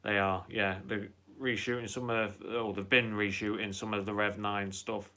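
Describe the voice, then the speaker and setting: Man, live stream host, low voice, bright tone, rambling, casual, swears. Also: flat delivery, moderate pace. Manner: rambling, chatty, swears freely.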